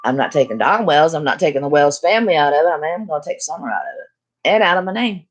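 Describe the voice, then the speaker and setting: A woman's voice: deep voice, animated, quick pace. An older woman hosting a casual chat, talking bluntly and emphatically. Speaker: channel host.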